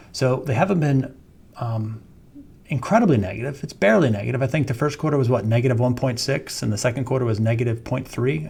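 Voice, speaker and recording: This wealth management firm founder speaks at a medium pitch, his voice creaky, husky and a touch mellow. In a casual video market update about the economy, he often says um and corrects himself.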